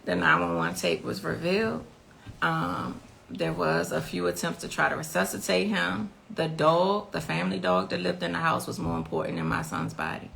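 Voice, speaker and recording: A woman's voice: low-pitched, gravelly, a bit bright, slight background noise. A middle-aged woman, the mother of a victim, giving an intense, emotional personal account and repeating her key phrases.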